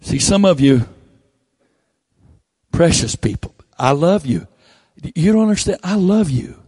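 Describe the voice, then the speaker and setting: A man's voice: very animated, a little slow, darkish tone, breathy edge, no room sound, studio quality. A male preacher, delivering a blunt, folksy sermon with teasing asides into a handheld microphone. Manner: folksy, blunt, teasing, drops to low mocking tones.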